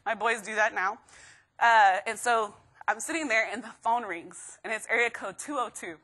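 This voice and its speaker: Woman motivational speaker, bright tone, slightly high voice, lively storytelling, live student audience. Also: normal speed. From Texas, USA. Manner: lively storytelling with acted quotes and laughs.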